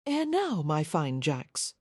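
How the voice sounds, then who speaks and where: A woman's voice: on the high side, very animated, unhurried, warm tone, no echo, studio quality, voice pushed up. A woman voicing a bawdy, teasing Cockney street woman in an audiobook.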